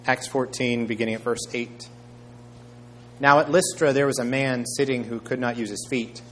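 A man preaching a sermon, reading scripture aloud in a measured way and raising his voice for quoted speech. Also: mid-range voice, fairly even intonation, a bit bright, a little hiss or hum. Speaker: pastor.

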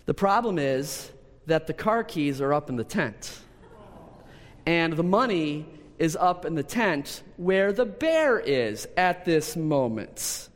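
A man's voice: fairly high pitch, takes it slowly. Preacher man telling a story in a hall. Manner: storytelling, animated, with repeated words and restarts. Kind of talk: sermon with personal story. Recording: long hall reverb.

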